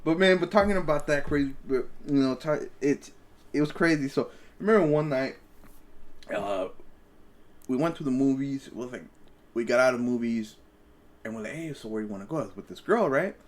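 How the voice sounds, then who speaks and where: A man's voice: medium pitch, lively intonation, a little fast. Young male podcast host; rambling, profane storyteller with frequent restarts, mid-range voice. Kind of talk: casual storytelling chat.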